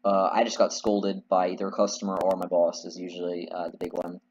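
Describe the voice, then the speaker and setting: Rambling, candid low-voiced man. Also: completely flat delivery, a little fast, a little mellow, muffled recording, slight background noise. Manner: rambling, candid, swears casually. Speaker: video game let's player. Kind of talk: casual gameplay commentary.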